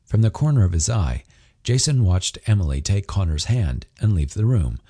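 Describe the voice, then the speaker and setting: A man narrating a romance audiobook in an expressive, storytelling manner. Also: sits low, moderate pace, slightly rough. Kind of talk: scripted narration.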